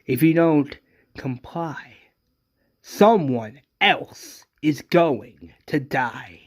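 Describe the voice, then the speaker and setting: A man voicing a menacing middle-aged villain who taunts and threatens, rising into shouts. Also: a little high, expressive, slow, slightly rough, exaggerated voice.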